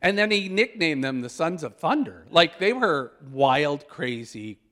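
Guy preaching and telling stories, voice on the higher side, gets excited and laughs a lot. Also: unhurried. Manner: animated, shouts out quoted exclamations; chuckles while telling stories. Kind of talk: storytelling sermon.

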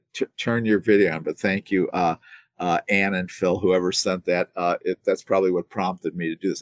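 A man's voice: fairly low pitch, dry recording. A man teaching the Bible casually on a livestream from home. He rambles and restarts, repeating words as he thinks, and grows emphatic on key points. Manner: digressive, halting, repeats words while thinking.

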